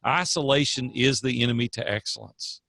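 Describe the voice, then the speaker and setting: A man's voice: medium pitch, a little fast, creaky, sharp tone, no room sound, clean studio sound. An older man, a coach and guest, telling stories in a casual interview with an earnest, preachy manner.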